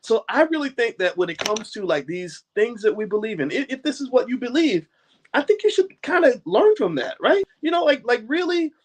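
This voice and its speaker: American male host, high voice, animated motivational talk with laughs. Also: a little fast. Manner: animated, preachy, laughs often, swears casually. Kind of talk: motivational talk and book reading.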